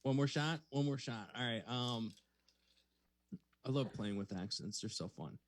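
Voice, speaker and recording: A man's voice: medium pitch, measured pace. A man co-hosting a comedy podcast in casual chat, hesitant and full of fillers, laughing often. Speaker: podcast co-host.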